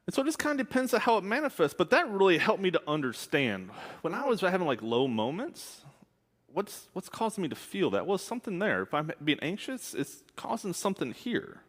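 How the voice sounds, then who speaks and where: With a brisk pace and a fairly bright, high-sitting voice that swings widely in pitch, this man preaches as a minister. His sermon feels candid and conversational, full of asides, and long hall reverb fills the recording.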